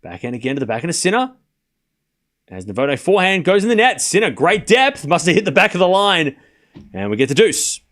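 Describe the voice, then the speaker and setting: Hosting a live tennis watchalong stream, a man with a high-ish, fairly bright voice calls points and chats casually with viewers. He is very animated, talks a little fast, laughs often and responds to chat.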